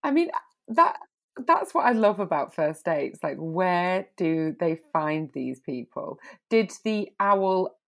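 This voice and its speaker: A woman's voice: fairly low pitch, very animated, slow pace, vocal fry. A woman co-hosting a podcast in casual, teasing chat, rambling with lots of fillers. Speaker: podcast co-host.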